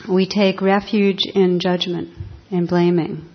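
A woman meditation teacher giving a dharma talk in a calm, reflective, unhurried way. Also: on the low side. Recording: dull lo-fi talk recording.

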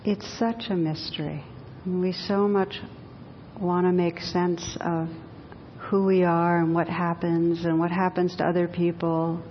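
A woman teaching in a soft, slow and reflective way, giving a spiritual talk and reading a story aloud. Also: level tone. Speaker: meditation teacher. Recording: dull echoey hall recording with faint rumble.

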